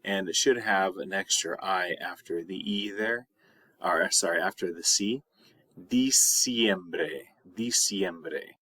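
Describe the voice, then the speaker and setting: A man teaching a recorded video lesson as a high school Spanish teacher, patient and repeating words slowly. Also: pushed and bright, breathy edge, no echo.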